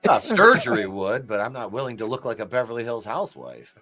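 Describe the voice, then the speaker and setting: Man, podcast co-host, casual movie-review chat, profane and joking, lively pitch, bright voice. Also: brisk, soft background music.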